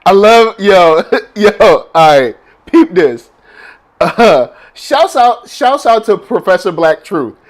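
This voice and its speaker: A man co-hosting a loose, casual chat, his voice swooping up and down as he laughs through viewer shout-outs. His delivery is slangy and animated, never settling into a flat tone. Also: sits high, takes it slowly. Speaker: podcast co-host.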